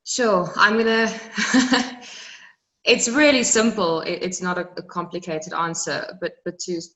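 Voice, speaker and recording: Young south african woman, interview guest, earnest and reflective, lowish voice. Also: fairly even intonation, measured pace, fairly bright tone, rough recording. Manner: reflective, earnest, repeats words when moved. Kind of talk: emotional personal storytelling.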